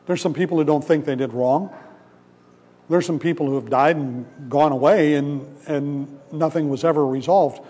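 A man's voice: on the high side, dark tone. A male pastor giving a sermon in a conversational storytelling way, acting out the voices in a parable. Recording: long hall reverb.

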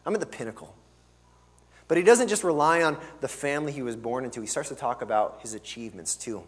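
A man preaching a sermon as pastor, earnest and emphatic, pushing hard on key words and then dropping to a soft, low finish. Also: fast. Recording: long reverb of a large hall.

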